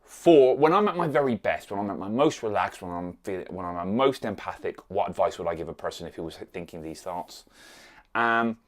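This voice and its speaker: A man's voice: deep voice, animated, fairly quick. A man recording an unscripted vlog on a phone, rambling with many fillers and restarts, sometimes dropping to a near whisper. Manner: drops to a near whisper at times. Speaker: vlogger.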